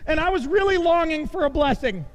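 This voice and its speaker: A middle-aged man preaching a storytelling sermon in a church, animated and self-mocking, adding sound effects as he tells the tale. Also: extremely high pitch, fairly quick, big-room sound. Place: church sanctuary.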